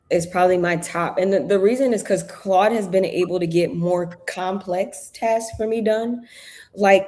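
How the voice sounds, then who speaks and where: Chatty, low-voiced woman guest. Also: a little mellow. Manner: chatty, loose, full of fillers. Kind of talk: casual chat.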